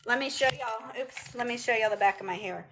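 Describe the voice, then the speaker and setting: A woman's voice: a little high, fairly quick, a bit bright, slight background noise. A woman chatting casually on a phone livestream and answering viewers' comments aloud. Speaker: vlogger answering live chat. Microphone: phone camera.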